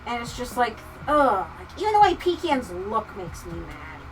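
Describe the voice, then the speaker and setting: A woman livestreamer chatting casually with viewers, ranting with profanity and swinging from muttering to near-shouting. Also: a little high, sing-song, normal speed, far from the mic, rough recording. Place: home craft room. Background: soft lofi music.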